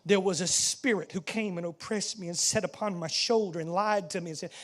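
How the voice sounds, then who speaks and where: A man with a Southern US accent preaching a dramatic first-person sermon monologue in church, swinging between hushed asides and shouting. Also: sits high, fairly even intonation, fairly quick, hardly any pauses. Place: church sanctuary.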